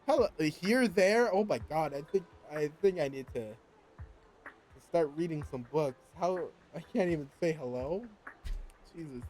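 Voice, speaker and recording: A man's voice: fairly high pitch, lively intonation, measured pace, a little mellow. A man casually commenting on a game as he plays, joking and mocking himself, sleepy and yawning. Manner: joking, giggly, self-mocking. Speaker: gaming creator.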